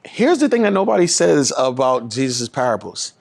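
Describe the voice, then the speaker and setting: A pastor talking in an animated, preaching-style way, rising in pitch and volume to drive his points home. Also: moderate pace, vocal fry, few pauses. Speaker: pastor and guest speaker.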